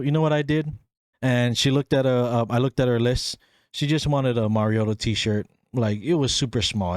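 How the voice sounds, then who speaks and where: A man's voice: on the low side, no room sound. Casual young man, dry close mic. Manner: animated storyteller, acts out voices in quotes, laughs often. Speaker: podcast host. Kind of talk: casual solo podcast storytelling.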